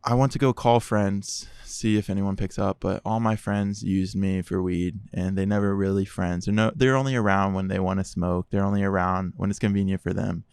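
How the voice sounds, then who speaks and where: Podcast guest, male, low gravelly voice, animated testimony storytelling, dry close sound. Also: normal speed, hardly any pauses, no echo. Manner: animated, acts out quoted dialogue.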